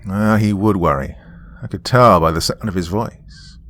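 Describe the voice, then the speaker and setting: A man telling a first-person story in a measured, descriptive way. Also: deep voice, fairly bright tone, a little hiss or hum.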